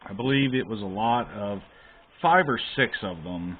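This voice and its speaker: A man's voice: lowish voice, animated, moderate pace. A man casually walking through a console repair at his workbench, emphatic and exasperated about the shoddy work he found. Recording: tinny phone-like sound with faint hiss.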